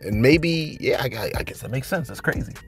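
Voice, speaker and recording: A lively man chats through celebrity news and viewer shout-outs in a loose, casual way. His pitch leaps from low mumbles up to high, incredulous exclamations, and he keeps dropping in "man" and "you know what I mean". Faint music plays behind him. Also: fairly quick, slightly rough. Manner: fillers and repeated phrases like 'you know what I mean' and 'man'. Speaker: celebrity news channel host.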